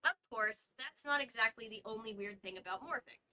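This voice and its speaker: A woman's voice: fairly high pitch, brisk, sharp tone, low-quality recording. A woman hosting a casual book read-along, reading aloud with stumbles and chatty asides. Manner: reads aloud with stumbles and side comments.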